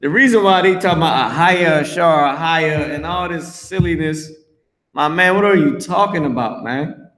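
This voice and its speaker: A man's voice: fairly high pitch, normal speed, a bit bright. A man reading scripture aloud and commenting on it in a brash, profane, mocking way, teaching an online class. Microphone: streamed voice chat.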